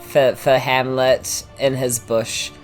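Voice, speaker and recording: A woman's voice: extremely low pitch, flat delivery, slow, soft background music. A woman with a New Zealand accent playing in a tabletop game, joking and laughing often. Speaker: player.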